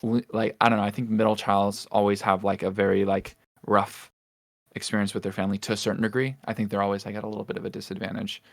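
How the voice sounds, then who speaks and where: Low gravelly young man chatting. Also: level tone, fast talker, no room sound. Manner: rambling, many fillers and restarts. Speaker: podcast co-host. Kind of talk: casual chat.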